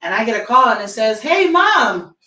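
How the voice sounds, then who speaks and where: A woman guest on a podcast chatting casually, telling lively stories about her kids, acting out quotes and laughing often. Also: on the high side, fast. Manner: animated storytelling, acts out quotes, laughs often. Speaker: podcast guest, single sports mom. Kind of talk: casual chat. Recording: roomy sound, distant mic.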